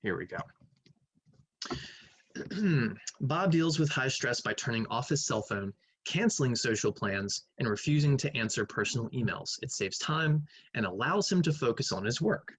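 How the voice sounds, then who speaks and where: A male math teacher talks through quiz questions in a relaxed, conversational way, musing aloud as he weighs each answer. His voice sits at an ordinary middle pitch. The sound is dry and close, with no room echo. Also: normal speed, husky. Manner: conversational, thinking aloud, hums while reading. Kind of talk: recorded online lecture going over quiz questions.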